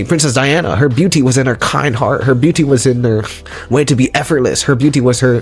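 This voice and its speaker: A man delivers an audio lecture in an emphatic, preachy way and drives each point home by repeating it. His voice sits at an ordinary pitch for a man. Soft music plays faintly behind him. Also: breathy edge. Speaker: lecturer on relationships.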